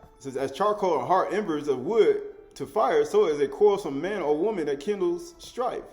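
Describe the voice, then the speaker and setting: A man's voice: on the high side, animated, normal speed, darkish tone, soft background music. A man giving an informal spoken Bible study, chuckling often, repeating words and asking the listener "right?" as he goes. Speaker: scripture teacher.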